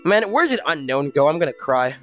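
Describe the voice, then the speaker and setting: Over soft background music and lo-fi sound, a livestreamer talks casually with the audience and reads chat out loud. The delivery is sing-song, medium in pitch, and a little fast, giggly and rambling, with swearing and playful silly voices mixed in.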